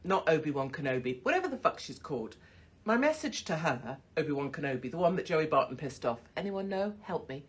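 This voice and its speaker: A woman's voice: sits low, very animated, a little fast, breathy edge. A woman hosting a casual livestream from a hotel room on her phone, swearing bluntly and mocking people with frequent laughter. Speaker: livestream host.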